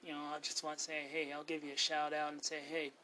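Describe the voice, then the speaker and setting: A man's voice: fairly high pitch, monotone, fast talker, sharp tone, slight background noise. A man hosting a casual solo podcast, rambling and cussing freely, calling himself ornery. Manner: rambling, profane, self-talking. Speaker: podcast host.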